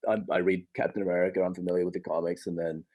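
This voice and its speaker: A man in his thirties from Australia, an actor chatting casually in an interview from home, animated, laughing often and restarting sentences. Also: sits low, rapid-fire. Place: home with a loft.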